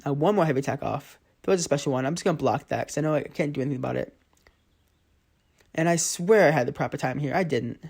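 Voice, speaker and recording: A man's voice: on the high side, quick pace, gravelly, darkish tone, slightly rough. Exasperated young man commenting gameplay. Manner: frustrated, exasperated play-by-play. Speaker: gaming channel host.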